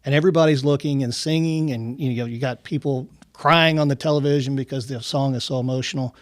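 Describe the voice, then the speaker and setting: A man from Kentucky, a company executive, telling relaxed anecdotes in a podcast interview, with lots of "you know". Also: mid-range voice, fast talker, no room sound. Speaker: racetrack company executive, guest. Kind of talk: casual storytelling in a podcast interview.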